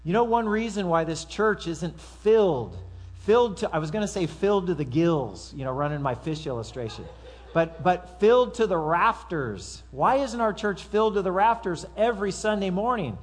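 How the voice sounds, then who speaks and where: A man delivers a sermon from the pulpit in an easy, conversational way. His voice sits a little high for a man. He slips into acted-out quotes and offhand asides as he preaches to the congregation. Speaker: pastor.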